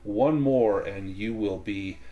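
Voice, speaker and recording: A man as game master of a tabletop western game, calmly explaining the rules step by step. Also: lowish voice, takes it slowly, dull audio.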